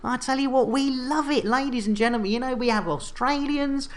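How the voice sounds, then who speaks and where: A woman's voice: high voice, brisk. A British woman hosting a gaming livestream, chatting and joking with her audience and laughing often as she goes. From United Kingdom. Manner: jokey and chatty, laughs often, repeats catchphrases. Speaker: game streamer host. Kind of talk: casual gaming livestream chat.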